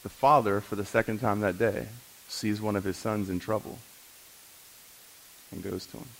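A man's voice: on the low side, fairly even intonation, gravelly, a little hiss or hum, low-quality recording. Dramatic male pastor preaching a sermon. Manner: dramatic, swings from hushed to emphatic, slows down to stress points; teaches with questions to the congregation.

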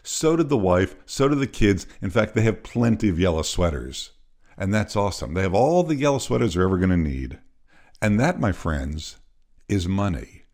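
Brief: low-voiced man telling a story on his podcast, expressive, plays all the parts. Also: moderate pace. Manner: animated storyteller, acts out voices. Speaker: podcast host.

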